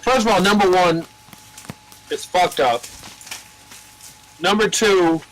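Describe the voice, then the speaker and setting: Speaking slowly in a high-pitched, slightly bright voice, an older American record label owner spins long, meandering stories full of profanity, mimicking the people he quotes. The recording quality is poor.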